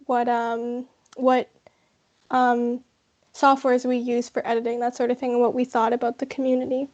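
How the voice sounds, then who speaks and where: A young woman, a university student, answering interview questions in a hesitant, halting way. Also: on the high side, flat delivery, darkish tone, dull audio. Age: young adult. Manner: hesitant, halting with many pauses. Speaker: guest, university psychology student.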